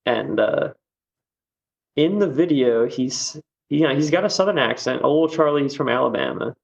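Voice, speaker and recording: A man's voice: medium pitch, expressive, normal speed, creaky, dull audio. A man chatting as a podcast guest, rambling with lots of fillers and easy laughs. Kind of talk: casual podcast chat.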